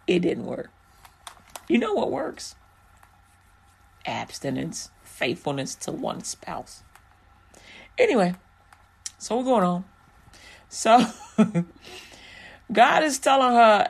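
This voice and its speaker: A woman's voice: medium pitch, very animated, extremely slow, gravelly, long pauses, husky. A woman teaching a Bible passage in a casual, frank and joking way, with lots of fillers.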